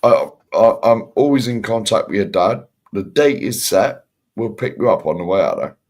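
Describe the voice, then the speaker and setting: A man co-hosting a casual pub chat show, friendly and animated, calling everyone mate. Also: lowish voice, normal speed. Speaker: podcast co-host.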